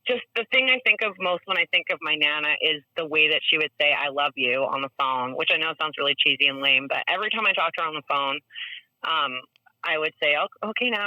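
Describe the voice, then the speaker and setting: A woman's voice: deep voice, sharp tone, no room sound, poor audio. A woman from Canada, a broadcaster and author, talking about her memories in a heartfelt, reflective way as an interview guest. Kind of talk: casual interview chat.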